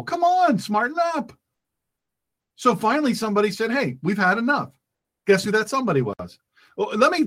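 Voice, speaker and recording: A man's voice: very high-pitched, sharp tone. A man hosting a talk radio show, speaking as a pastor in a fervent, emphatic monologue that repeats phrases for effect.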